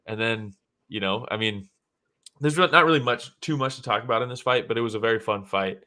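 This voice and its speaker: A man's voice: mid-range voice, brisk, bright, forceful tone. A man co-hosting a casual fight reaction show, upbeat and agreeable, often laughing. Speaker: co-host.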